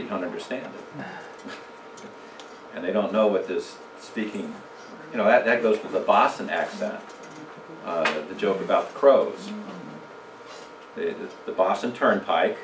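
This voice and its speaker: A man on the low side of the pitch range teaches communication at a church, keeping things conversational with audience questions and humor. Background noise is present, and the recording comes from a mic far off in an echoey church room.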